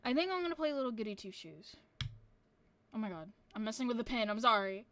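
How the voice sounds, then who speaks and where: A woman's voice: fairly high pitch, sing-song, quick pace, a bit bright. A woman streamer chatting casually to her viewers, rambling with lots of fillers and casual swearing.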